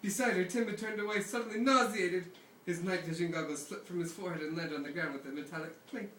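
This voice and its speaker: Bright-voiced man reading aloud in an echoey cabin. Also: sits high, fairly even intonation, quick pace, a little hiss or hum. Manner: amused, breaking into laughs. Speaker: reader. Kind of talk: casual reading aloud from a novel. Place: lakeside cabin, indoors. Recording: echoey room, distant mic.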